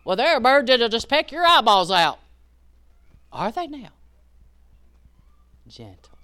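A woman preaching a sermon, rising to loud emphatic peaks and dropping to hushed asides. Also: a little high, sing-song, moderate pace, clear, resonant tone.

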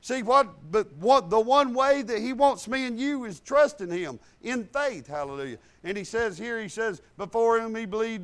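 A man's voice: sits high, expressive, unhurried, few pauses, a bit bright. A man preaching a sermon, retelling talks with God and mixing scripture quotes with folksy plain talk.

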